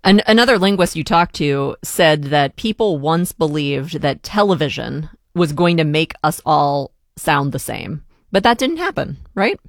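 A woman's voice: sits low, expressive, a little slow, hardly any pauses, dry recording. Dry-sounding woman public radio host. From Pittsburgh. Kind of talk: radio interview.

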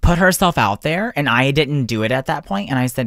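Guest, male baker, mid-pitched, rambling anecdotal delivery, dry room. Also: sing-song, fast, hardly any pauses, no echo. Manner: chatty storyteller with frequent restarts. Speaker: small-business cookie baker. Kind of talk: casual interview chat.

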